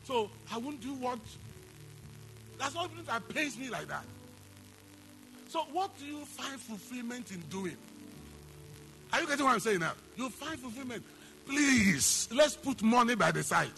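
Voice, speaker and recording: A man's voice: very high-pitched, big pitch swings, unhurried, gravelly, pauses often, bright, forceful tone, faint music behind. A man preaching a sermon, emphatic, repeating phrases and asking the congregation questions. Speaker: pastor.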